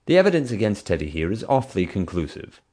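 A man's voice: lowish voice, very animated, fast talker, a little mellow, slightly rough, voice pushed up. A man reading an audiobook voices a stern, commanding female theme park boss who gives curt orders. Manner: curt, bossy, clipped orders.

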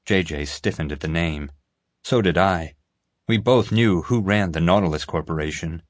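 A man reading a story aloud as an audiobook narrator, steady and clear. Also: sits low, moderate pace, no room sound, studio quality. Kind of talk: scripted narration.

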